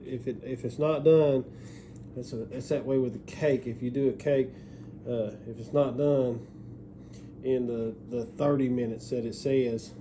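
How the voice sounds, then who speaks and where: Middle-aged home-cook host, warm dark tone, loose folksy instructions, repeats himself. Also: male voice, mid-range voice, fairly even intonation, unhurried, slight background noise. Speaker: cooking show host. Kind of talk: casual cooking instruction.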